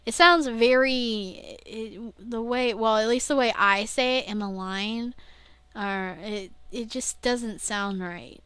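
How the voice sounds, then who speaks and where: A woman's voice: on the high side, slow, few pauses, a bit bright, clean tone, no room sound. A young woman vlogging casually, rambling and interrupting herself, often laughing at her own slips. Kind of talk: casual rambling video diary.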